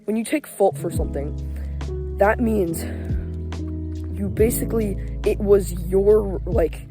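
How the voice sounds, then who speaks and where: A man's voice: high voice, takes it slowly. Young man ranting profanely over music. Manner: profane, emphatic, heavy use of 'like' fillers. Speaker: motivational vlogger. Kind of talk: casual motivational rant. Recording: voice over clear background music.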